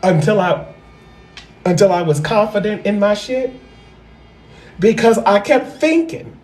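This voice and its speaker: A woman hosting a livestream, telling a story in a casual, animated way. She repeats phrases for effect and swears freely. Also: medium pitch, unhurried, pauses often. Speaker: livestream host. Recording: roomy echo.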